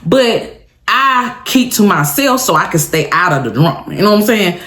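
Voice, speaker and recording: A woman vlogger tells a story in a casual chat, animated and dramatic, speaking straight to viewers and laughing often. Her voice is mid-range at a moderate pace, and the sound is roomy.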